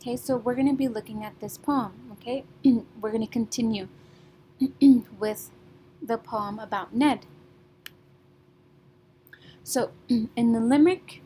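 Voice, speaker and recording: Teacher, female, slightly high voice, slow deliberate delivery, faint rumble behind. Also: warm tone, rough recording. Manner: patient, repeats "okay?" often. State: keeps clearing her throat. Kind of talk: remote classroom lesson.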